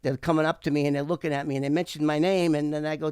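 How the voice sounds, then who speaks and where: A man's voice: on the high side, quick pace, clean tone, no echo, clean studio sound. A middle-aged man, telling a story as an interview guest and acting out the voices of the people in it. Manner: animated, acts out quoted voices. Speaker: guest, former FBI informant. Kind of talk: casual storytelling.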